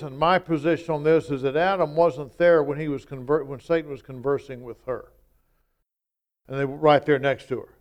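A man preaching a sermon, emphatic and conversational, acting out quoted lines. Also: fairly high pitch.

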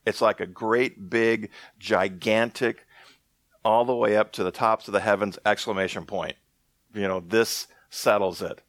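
A man preaching a sermon in a conversational way, slowing down to read scripture aloud. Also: lowish voice, a bit bright, dry recording. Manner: conversational, restarts often, reads scripture slowly. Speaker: pastor.

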